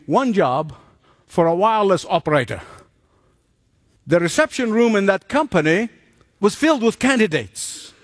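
A man preaching a sermon, telling stories with animated delivery and acting out the voices of the people in them. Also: high-pitched, dry recording, clean studio sound. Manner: animated storytelling, acts out quoted voices.

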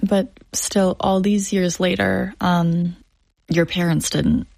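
A woman interviewer asking gentle, prompting questions in a conversational way. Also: on the low side, steady tone, slow pace, vocal fry, no room sound.

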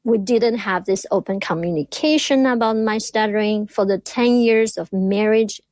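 A woman's voice: mid-range voice, a little mellow, no echo. A woman in her thirties who stutters, a doctoral student speaking openly and reflectively as an interview guest. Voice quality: stutters, with repeated words. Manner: slow, reflective and open. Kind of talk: candid interview talk.

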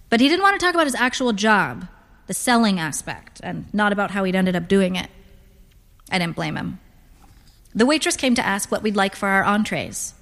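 A woman reading literary fiction aloud in a measured, wry, unhurried way. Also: medium pitch. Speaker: narrator. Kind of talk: scripted literary narration. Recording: long hall reverb.

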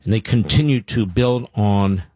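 A man's voice: on the low side, measured pace, warm tone, slightly rough, no room sound. A man hosting a talk radio show, speaking bluntly and combatively in an opinionated monologue.

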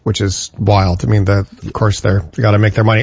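A male host chatting casually with a guest, reacting quickly and cracking jokes. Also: on the low side, flat delivery, creaky, highs cut off, slight background noise. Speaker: show host. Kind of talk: casual talk show chat.

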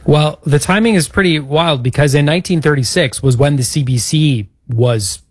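A man's voice: on the high side, normal speed, breathy edge, no room sound, studio quality. A man co-hosting a podcast, recounting a bit of history in an upbeat, casual way. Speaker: podcast co-host. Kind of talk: casual chat.

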